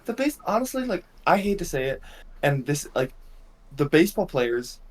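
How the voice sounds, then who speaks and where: Young dude on a podcast, kinda high voice, chill, laughs through his stories. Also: sing-song, moderate pace. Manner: laid-back, laughs while telling anecdotes. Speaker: podcast co-host. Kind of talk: casual chat.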